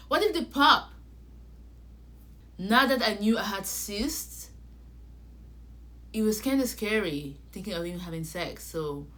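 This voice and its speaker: A young woman shares a personal story in a casual vlog. She speaks in a natural mid-range voice and talks straight to her viewers. She acts out each conversation with lively energy. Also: medium pitch. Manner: animated, acts out conversations, addresses viewers directly. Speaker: vlogger.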